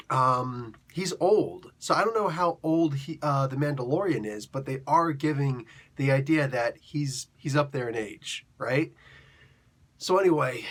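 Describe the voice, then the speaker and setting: Male host, casual review talk, rambling and jokey, filler-heavy, mid-range pitch. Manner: rambling, joking, with many fillers and restarts. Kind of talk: casual video review monologue.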